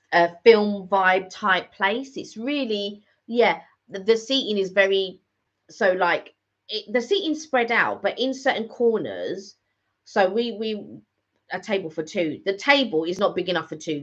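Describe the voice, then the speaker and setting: A middle-aged woman with an unhurried, mid-range voice and lively intonation co-hosts a vlog. Her casual chat rambles along with lots of fillers and restarts, captured in slightly dull lo-fi sound.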